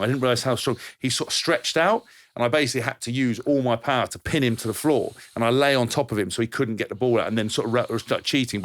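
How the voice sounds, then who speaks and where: A man, a podcast co-host who rambles through anecdotes, swears freely and often restarts his sentences. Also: fairly low pitch. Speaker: podcast co-host, former rugby player. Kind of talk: casual storytelling chat.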